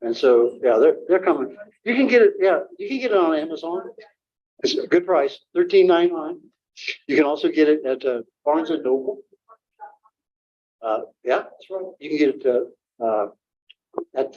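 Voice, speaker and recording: An older man, a guest author, talking informally to an audience and taking questions, halting with many fillers and restarts. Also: fairly high pitch. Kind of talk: informal talk and Q&A. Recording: dull lo-fi room recording.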